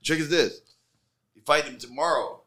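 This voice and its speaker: Animated, bright-voiced man telling fight stories. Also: fairly high pitch, normal speed. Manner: animated storyteller, heavy swearing. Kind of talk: casual podcast chat.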